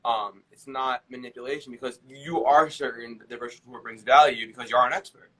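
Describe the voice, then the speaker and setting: A man hosting a podcast in an easy, reflective way, pausing with fillers as he sums up ideas. His voice sits at a middling pitch. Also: steady tone, a bit bright, low-quality recording. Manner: reflective, paraphrases guest, hesitant fillers. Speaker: podcast host. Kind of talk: casual podcast chat.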